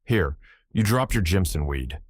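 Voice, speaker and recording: A man voicing a sulky teenage boy in an audiobook, grumbling and scolding in a slow drawl. The sound is dry and close to the mic. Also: low voice, lively intonation, breathy edge, no echo, full character voice.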